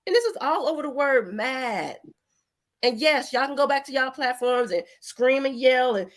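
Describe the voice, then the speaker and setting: Woman host reacting to a clip, blunt, curses a lot, kinda high voice. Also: normal speed. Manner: blunt, swears freely, talks back to clip. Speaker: channel host. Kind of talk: casual commentary reacting to a clip.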